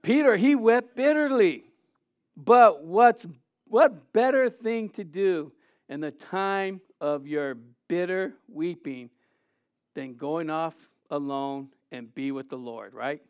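A man's voice: fairly high pitch, slow, clean tone, dry recording, dull audio. A man preaching a sermon, reading scripture aloud, acting out scenes and asking his listeners questions. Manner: animated, acts out scenes, asks the audience questions.

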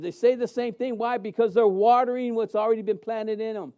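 A man in his fifties, a pastor, preaching a sermon in a conversational way, with many restarts and lively acted-out quotes. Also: sits high, brisk, hardly any pauses, lo-fi sound.

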